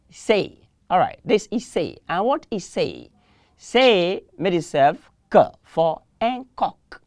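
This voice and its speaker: A woman leads a televised French lesson in a low, animated voice whose pitch swings widely. She drills each word over and over and gently corrects learners who say it wrong. The sound is dry and close. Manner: patient drilling, repeats words for learners to echo; encouraging, gently corrects mispronunciations. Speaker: French teacher.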